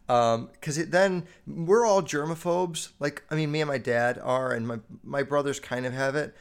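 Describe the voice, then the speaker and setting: A young American man hosting a casual solo podcast, telling stories in a loose, profane, animated way. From United States. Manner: profane, animated storytelling with quick jumps in pitch and loudness. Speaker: podcast host.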